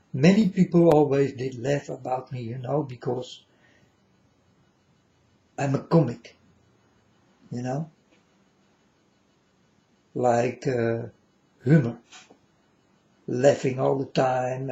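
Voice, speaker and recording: A male vlogger with a mellow, medium-pitched voice and some vocal fry delivers an earnest, repetitive, preachy monologue to listeners he addresses as "folks." The recording is dull and lo-fi.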